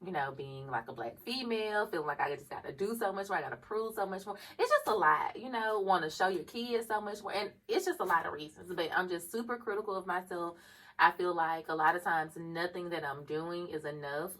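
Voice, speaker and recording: Low-voiced woman co-host, reflective, laughs easily, slightly distant mic. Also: fairly quick, a bit bright. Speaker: podcast co-host. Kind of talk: casual chat.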